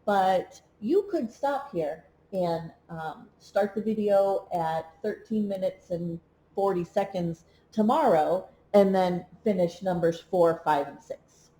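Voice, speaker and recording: A woman teaching a remote preschool lesson, reading, counting and chanting rhymes in a slow, encouraging way. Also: mid-range voice, dark tone, slight background noise. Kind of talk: remote read-along lesson for young children.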